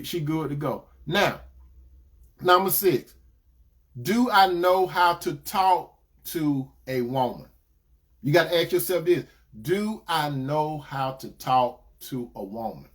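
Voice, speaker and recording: Man with a fairly high voice, preaches relationship advice, repeats his points, swings between loud emphatic lines and soft asides. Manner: repetitive, addresses listeners as brothers and sisters. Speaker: Christian relationship advice speaker. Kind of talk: preaching-style advice talk.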